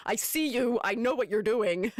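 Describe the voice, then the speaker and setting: A woman's voice: a little high, dry recording, clean studio sound. A woman streamer chatting playfully, laughing often between her comments. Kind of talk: casual live-stream chat.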